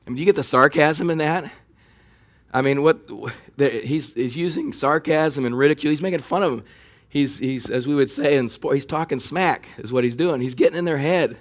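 A man preaching a sermon in a conversational way, building to animated emphasis. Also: mid-range voice, a little fast. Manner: conversational preaching, animated when mocking enemy taunts. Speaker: pastor.

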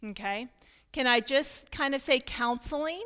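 Earnest Kentucky woman, higher voice. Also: unhurried, bright, forceful tone, smooth. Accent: Kentucky with some Northern mix. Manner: earnest and open, with light self-deprecating humor. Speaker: pastor's wife speaking to a women's gathering. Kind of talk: candid teaching talk with audience participation.

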